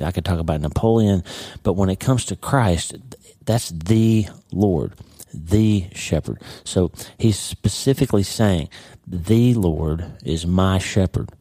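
Middle-aged male podcast host, deep mellow voice, casual devotional teacher, conversational. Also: breathy edge, no room sound. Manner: conversational, with frequent "okay?" and "right?" tags.

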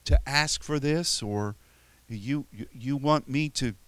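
A man preaches in a relaxed, conversational way, often circling back and restarting his phrases. His voice sits at a middle pitch. The sound is dry and close, with no room echo. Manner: conversational, halting with frequent restarts; tells stories with chuckles and playful quoted voices. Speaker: pastor. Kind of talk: sermon.

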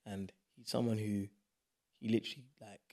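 A man's voice: on the low side, normal speed. A young man from South East London with a London accent, a podcast guest chatting casually and emphatically. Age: young adult. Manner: animated, emphatic, slangy. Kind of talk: casual chat.

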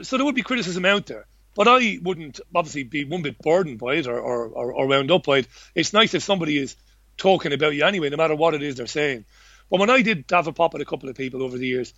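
A man's voice: a little high, bright, forceful tone, dry recording. A man talking as an interview guest about his work in journalism, rambling and blunt, with many restarts and the odd swear word. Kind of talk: casual conversational interview. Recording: dull lo-fi dry recording.

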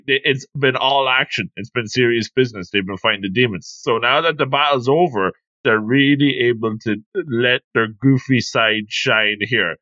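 A man co-hosting a casual podcast discussion, relaxed and chatty with quick quips. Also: lowish voice, dry recording, highs cut off. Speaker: podcast co-host.

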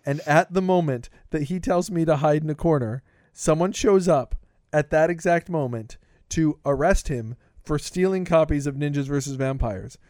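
A man's voice: a little high, moderate pace, few pauses, darkish tone, no echo, studio quality. A man co-hosting a podcast, rambling through a jokey movie review and stammering over repeated words. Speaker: podcast co-host. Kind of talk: casual movie review chat.

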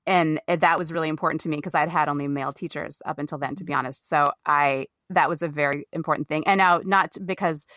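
Bright, animated Midwestern woman telling stories. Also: deep voice, fast, hardly any pauses, dry recording, studio quality. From American Midwest. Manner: animated, emphatic, swears freely. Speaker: actor and interview guest. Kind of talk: candid storytelling in an interview.

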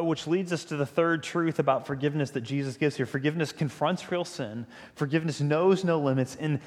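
Man preaching in a reverberant hall. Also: a little high. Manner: conversational, emphatic storytelling. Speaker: pastor. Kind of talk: sermon. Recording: long reverb of a large hall.

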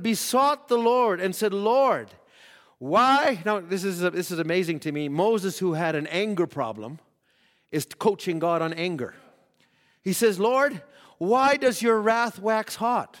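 High-voiced preacher with a long echo. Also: male voice, lively intonation, measured pace, a bit bright. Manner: preaching with rising emphasis, voicing quoted prayers. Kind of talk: sermon.

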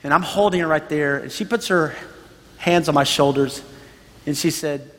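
Pastor, man in his thirties, higher voice, earnest storyteller, preaching in a reverberant hall. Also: normal speed, a bit bright. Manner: earnest storytelling, emphatic repetition. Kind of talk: sermon.

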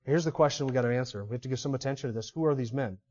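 A man preaching an expository sermon as pastor, passionate and emphatic, swinging between loud stresses and hushed asides. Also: medium pitch, rapid-fire, lo-fi sound.

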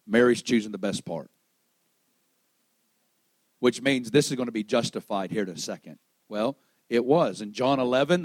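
A man preaches a dramatic sermon, swinging between loud exclamation and hushed storytelling and acting out the dialogue in his stories. His voice is medium-pitched, and the recording is dry.

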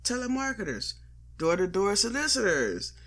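A man's voice: high-pitched, big pitch swings, normal speed, bright, forceful tone. A man delivering a profane, sarcastic comedic monologue in blunt slangy speech, as the host.

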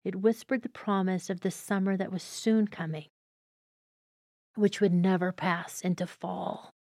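A woman's voice: lowish voice, fairly even intonation, darkish tone, no room sound, clean studio sound. A woman hosting a devotional teaching, speaking in an earnest, reflective way and reading passages aloud. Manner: earnest, reflective, unhurried phrasing. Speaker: host of a devotional teaching show.

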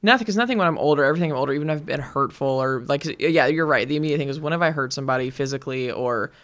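A woman's voice: deep voice, racing. A woman guest on a podcast, talking casually with lots of filler words. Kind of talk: casual chat.

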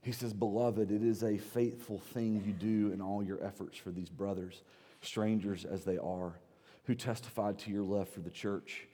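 A man with a Southern accent preaching a sermon, shifting between quiet low passages and loud emphatic ones. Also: steady tone, normal speed, big-room sound. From South Carolina. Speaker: pastor. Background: audience laughter.

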